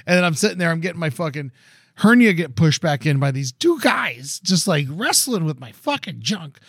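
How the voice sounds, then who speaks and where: Here a man with a fairly high pitch speaks at normal speed, captured in dry, studio-quality sound. He co-hosts a podcast, relaying a lengthy story with plenty of profanity and animated, raised-voice impressions of what people said.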